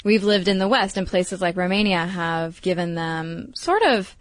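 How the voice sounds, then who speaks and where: A woman's voice: lowish voice, normal speed, dry recording. Storytelling woman podcast co-host. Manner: chatty, storytelling, hesitant restarts. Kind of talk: casual conversational podcast.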